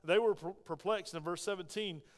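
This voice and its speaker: High-voiced preacher in a reverberant hall. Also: male voice. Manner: animated preaching with humor, quick asides and rhetorical questions. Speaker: pastor. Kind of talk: sermon. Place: church sanctuary.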